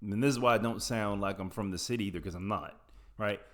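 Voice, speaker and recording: Young adult man, low-pitched, from Appalachia; loose, digressive, profane storyteller talking straight to his viewers. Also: quick pace, fairly bright tone. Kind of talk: casual storytelling.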